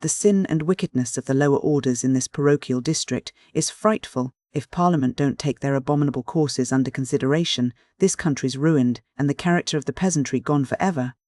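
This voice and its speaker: A man's voice: mid-range voice, brisk, hardly any pauses, a little mellow, no echo, clean studio sound, close to an everyday voice. A man reading an audiobook voices a pompous, self-important parish beadle who scolds and blusters sternly.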